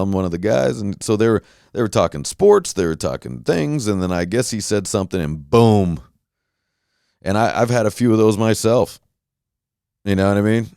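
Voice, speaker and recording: A man hosting a podcast, telling a rambling, animated story with quoted voices and swearing. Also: lowish voice, no room sound, studio quality. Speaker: podcast host. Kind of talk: casual storytelling rant.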